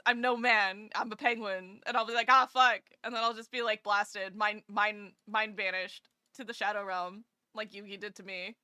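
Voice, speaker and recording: A woman VTuber telling a story in casual livestream chat, animated and quick to laugh, at a desk mic at home. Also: on the high side, no echo, clean studio sound. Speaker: VTuber streamer.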